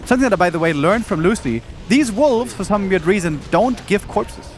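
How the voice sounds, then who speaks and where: High-voiced male game commentator. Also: brisk, soft background music. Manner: analytical, explains strategy calmly. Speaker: esports commentator. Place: event studio.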